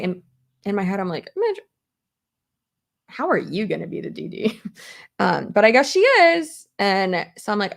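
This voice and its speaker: A young woman talks through her makeup on a live stream, loose and rambling, full of "like" and "um" as she answers her viewers. Her voice has a gravelly fry, and her pitch swings widely as she chats. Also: sing-song, normal speed. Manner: rambling, filler-heavy, answers chat comments. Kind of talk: casual chatty live stream.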